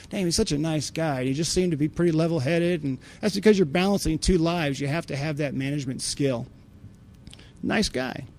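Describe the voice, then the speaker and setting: A man's voice: mid-range voice, a little mellow. A man giving a conference talk, telling blunt, folksy stories with many restarts and fillers. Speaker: conference speaker on insider threats.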